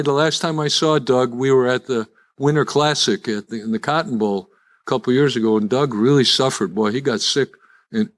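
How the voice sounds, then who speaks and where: An older man, speaking to a live audience as a recovery speaker, telling his own story with self-deprecating humor and frequent restarts. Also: medium pitch. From Chicago. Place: live event before an audience.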